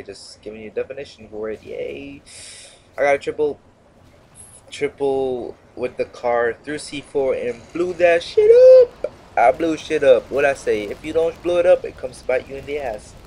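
A man's voice: medium pitch, darkish tone, slight background noise. Rambling, sarcastic young male gamer. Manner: rambling, sarcastic, self-interrupting. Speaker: gaming commentator. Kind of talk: casual gameplay commentary.

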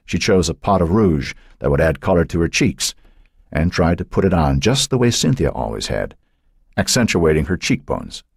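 Brief: male narrator, very deep and husky, lively rises and falls, dramatic measured reading. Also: no room sound, studio quality. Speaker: audiobook narrator. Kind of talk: scripted narration.

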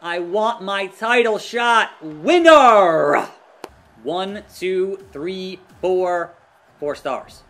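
Male let's-player, high and lively, unhurried between outbursts, reacting loudly to play. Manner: excitable, groans and yells at the action. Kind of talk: live gameplay commentary.

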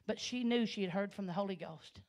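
A woman from Arkansas stands in a church sanctuary and gives her testimony as a Pentecostal sermon. She tells her story at a steady storyteller's pace, then swells into loud, passionate preaching. Her voice sits at an ordinary middle pitch. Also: brisk. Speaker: guest speaker giving testimony.

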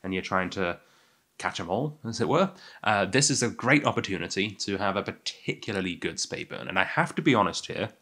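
A man's voice: deep voice, animated, fairly quick, sharp tone. A young man with an English accent hosting a casual whisky tasting, chatty and self-deprecating with many fillers. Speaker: whisky podcast host.

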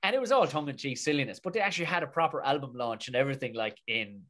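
Irish man, Tipperary accent, comedian guest; animated, sweary storyteller. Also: mid-range voice, rapid-fire. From Tipperary, Ireland. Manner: animated, swears freely, colloquial. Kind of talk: casual storytelling in a podcast interview.

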